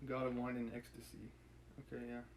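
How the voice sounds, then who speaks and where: A man's voice: mid-range voice, monotone, brisk, noisy background. A man reading a classic novel aloud on a live stream, musing and correcting himself between passages in casual commentary. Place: home setup, live stream.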